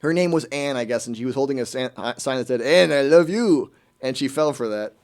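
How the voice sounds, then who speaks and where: A man hosting a radio show, ranting in a quick, exasperated way and putting on mock quotes during casual chat. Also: mid-range voice, a little mellow.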